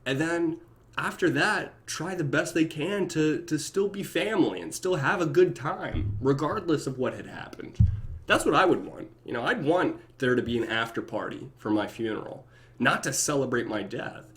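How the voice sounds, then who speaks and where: A young man chatting casually on his own live stream, reading viewer comments and often breaking into laughter and goofy high voices. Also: animated, normal speed, a bit bright. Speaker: YouTube reactor.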